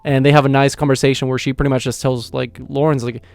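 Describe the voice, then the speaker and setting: A man's voice: medium pitch, little pitch movement, fast talker, gravelly, no room sound, faint music behind. A young man hosting his own channel, casually recapping and reviewing an episode, rambling with lots of filler words and frequent chuckles. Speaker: anime reaction channel host.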